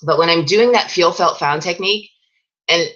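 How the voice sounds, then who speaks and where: A woman's voice: lowish voice, moderate pace, fairly bright tone, highs cut off. A woman fitness coach giving a casual, chatty training talk to her sales team, with plenty of fillers and restarts.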